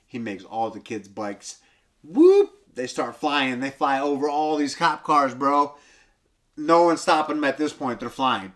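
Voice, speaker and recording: A man comedian casually retelling a film, loose and profane, breaking into high squealing impressions and sound effects. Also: unhurried, a bit bright.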